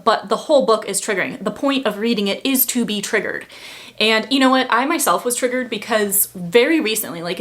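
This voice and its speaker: A woman's voice: mid-range voice, a bit bright. A young woman talking casually about her favorite books, chatty and full of fillers, getting emphatic when she feels strongly. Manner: chatty, lots of "like" fillers, gets heated and emphatic. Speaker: book reviewer. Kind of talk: casual chat.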